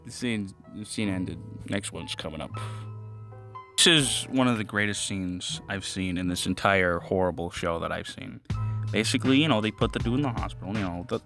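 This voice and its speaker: A man's voice: on the low side, bright, forceful tone. A young man giving a casual, profane, rambling reaction commentary on a show, swearing a lot and laughing often. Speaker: anime reviewer. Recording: faint music behind.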